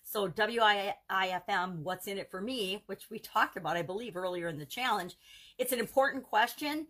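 A woman's voice: mid-range voice, moderate pace, a bit bright. A woman hosting a live coaching video, talking earnestly and casually and running through examples in rhythmic lists. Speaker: self-help challenge coach.

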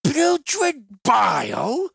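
A man's voice: wildly swooping pitch, gravelly, dry recording, clean studio sound, full character voice. A man doing a shrieking, furious fat wine merchant. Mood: outraged. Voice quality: roaring, shrill. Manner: outraged, drawn-out shouting.

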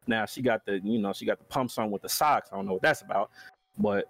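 A young man with a Southern US accent, joking crudely and excitedly in a casual reaction chat, saying "hey" over and over. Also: medium pitch, quick pace, no room sound. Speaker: reaction panelist.

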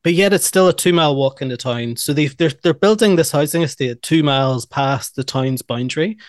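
Slightly high-voiced, chatty man. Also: fairly quick, no room sound, clean studio sound. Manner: chatty, laughs and jumps in with favorite lines. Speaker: podcast co-host. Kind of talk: casual movie recap chat.

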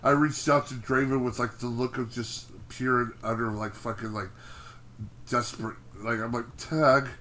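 A man with a bright, tense voice tells rambling, exasperated stories on a casual podcast. A faint ambient hum sits behind him. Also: medium pitch, fairly even intonation, moderate pace. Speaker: podcast co-host, wrestler. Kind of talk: casual chat.

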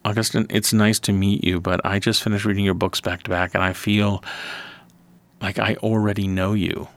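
Low, gravelly male interviewer. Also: level tone, normal speed, dry recording, clean studio sound. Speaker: interviewer, host.

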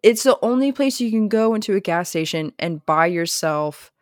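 A woman's voice: mid-range voice, expressive, moderate pace, no room sound, clean studio sound. A young woman co-hosting a podcast, telling rambling, profane stories in casual chat full of "like.". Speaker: podcast co-host.

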